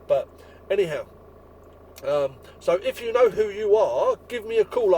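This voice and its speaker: Tradesman, angry blunt rant, high-pitched man, faint traffic behind. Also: mellow, low-quality recording. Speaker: window cleaner. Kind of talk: ranting vlog to fellow tradesmen.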